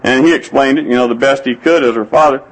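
A man's voice: medium pitch, fast talker, rough recording. A man preaching a sermon, telling folksy stories and quoting scripture. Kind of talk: sermon with anecdotes.

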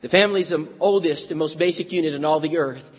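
A man's voice: on the high side, quick pace, husky, in a large hall. A man preaching a sermon, moving from folksy humor into earnest, dramatic storytelling.

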